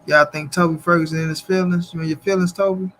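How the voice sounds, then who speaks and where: High-voiced man chatting on a boxing livestream. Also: flat delivery, quick pace, fairly bright tone, slight background noise. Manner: slangy, repeats phrases, addresses chat directly. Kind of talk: casual livestream chat, reading viewer comments.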